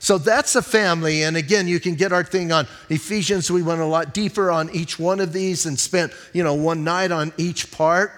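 Middle-aged guy preaching, chatty and jokey, kinda high voice, long echo off the hall. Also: fairly even intonation, normal speed, few pauses, a bit bright. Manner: joking, conversational preaching. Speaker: pastor. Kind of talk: sermon.

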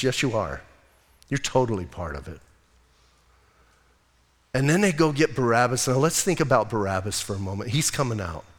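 A male pastor preaching a sermon in a church sanctuary, telling a Bible story in a casual, animated, conversational way. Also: mid-range voice, moderate pace. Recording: long hall reverb.

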